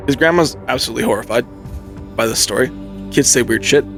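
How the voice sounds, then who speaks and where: A male podcast host telling an eerie true story in a casual, animated way, building suspense with pauses. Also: medium pitch, vocal fry, music in the background.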